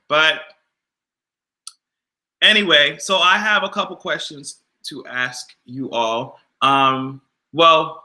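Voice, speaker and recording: A man hosting a casual livestream, animated and exasperated, swearing freely and answering his chat. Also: medium pitch. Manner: animated, exasperated, profane, talks back to chat. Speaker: YouTube livestream host.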